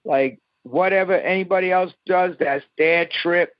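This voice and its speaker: A musician in his fifties, interviewed over a dull lo-fi phone line with no echo, tells stories in a profane, emphatic way. His voice is high-pitched and his pace moderate.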